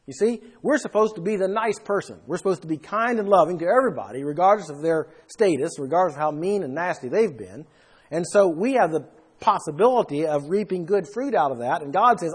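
A man's voice: a little high, expressive, a little fast, husky. A man preaching a Bible sermon, explaining verses with emphatic rises in his voice. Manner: emphatic, rising for stress.

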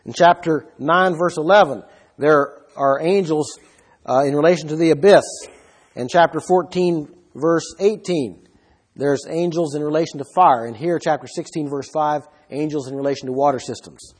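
Husky-voiced man teaching a Bible lesson. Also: on the high side, moderate pace. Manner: explanatory, asks the listeners rhetorical questions. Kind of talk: Bible study lecture.

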